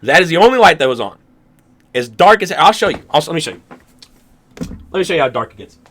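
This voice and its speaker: Bright-voiced young man telling a dream. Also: fairly high pitch, very animated, quick pace. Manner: rambling, laughs often, acts out his own reactions. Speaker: podcast co-host. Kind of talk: casual chat.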